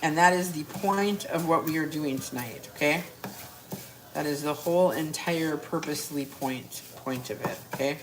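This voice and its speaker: Lowish-voiced woman doing a live cooking demo in her kitchen, chatty and brash, swears a lot, faint noise behind. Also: normal speed. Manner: brash, joking, talks straight to viewers, swears casually. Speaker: cooking coach hosting a live stream. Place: home kitchen at the stove.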